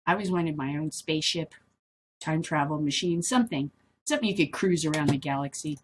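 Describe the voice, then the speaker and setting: A woman's voice: sits low, a little fast, noisy background. Rambling middle-aged woman vlogger. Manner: rambling, easily sidetracked, blunt and swearing. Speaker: vlog host reading and commenting on news. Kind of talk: casual commentary.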